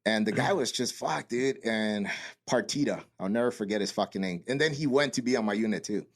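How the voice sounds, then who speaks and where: A man's voice: fairly low pitch, a little fast. A man and Marine veteran telling a boot camp story in casual, profane podcast chat, acting out the quotes.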